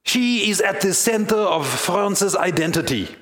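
A man's voice: high-pitched, expressive, measured pace, a bit bright, reverberant, voice pushed up. A man voicing an earnest French male philosopher in a put-on French accent, speaking in a solemn, declaiming way.

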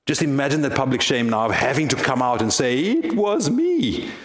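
A male pastor delivers an earnest sermon at a middle pitch, often turning to rhetorical questions. His voice echoes through the church. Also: fast, fairly bright tone.

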